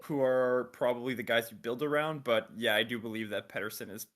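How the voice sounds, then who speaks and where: A man co-hosting a casual podcast, with a voice of ordinary pitch. He speaks in a measured way and keeps steering the discussion toward the next topic. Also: fairly bright tone. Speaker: podcast co-host. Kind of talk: casual chat.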